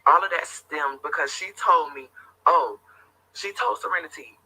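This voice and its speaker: A man's voice: a little high, normal speed, sharp tone, husky, poor audio. A young man upset and retelling a family argument, repeating himself as he goes. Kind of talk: recounting a family fight on social media.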